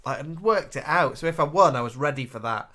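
A man's voice: a little high, animated, fairly quick, pushed and bright. A man from England co-hosting a live stream, chatting casually and reading out viewer comments. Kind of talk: casual chat.

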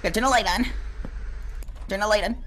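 A woman's voice: mid-range voice, fast, fairly bright tone, a little hiss or hum. A young woman commentating a horror game as she plays, panicking and repeating words in a rush when scared. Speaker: gamer.

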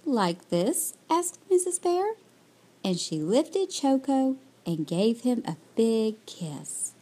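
A woman reading a children's picture book aloud, slowly and expressively. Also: a little high, sing-song, warm tone. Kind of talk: storybook read-aloud.

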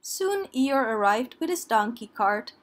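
Reading to young children, a woman keeps her fairly high voice gentle, clear, and sing-song. Her pace stays slow and unhurried throughout the story.

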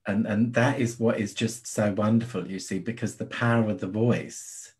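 A man from the UK, a guest spirit medium, talking in a soft, soothing way and often adding "you see". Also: lowish voice, fairly even intonation, moderate pace. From United Kingdom. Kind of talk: casual interview chat.

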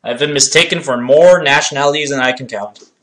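A speedrunner from Canada with a French Canadian accent chats casually with viewers while streaming a game, faint music behind him. His medium-pitched voice is brisk and a bit bright, and he laughs easily and stutters a little.

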